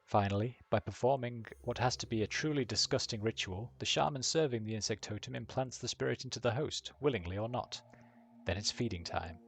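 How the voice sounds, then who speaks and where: A man's voice: mid-range voice, a little fast, gravelly, breathy edge. A man reading a wry, glib painted elf. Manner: breezy, wry lecturing.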